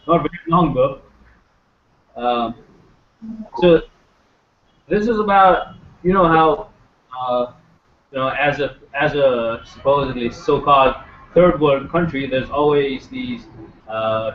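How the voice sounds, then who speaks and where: A man's voice: mid-range voice, slight background noise. Man performing poetry in a roomy hall. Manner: hesitant intro with fillers, then punchy rhymed delivery. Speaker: spoken word poet. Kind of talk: spoken word poetry performance. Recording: roomy, distant, dull live mic.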